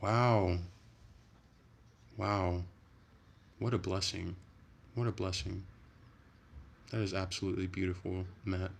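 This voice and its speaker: A young man talks casually to his viewers on a phone livestream, chatty and prone to profane rants. His voice sits very low with a gravelly fry to it. A faint hum of ambience sits behind him. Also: slow, pauses often. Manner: chatty, profane, animated ranting. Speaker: livestream host. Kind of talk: casual livestream chat reading comments.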